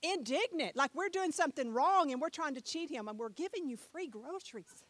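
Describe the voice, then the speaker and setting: A middle-aged woman preaching a sermon, telling a story with animated swings between loud and soft and putting questions to her listeners. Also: sits high, fairly quick, no echo. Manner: talks with the audience, asks them questions.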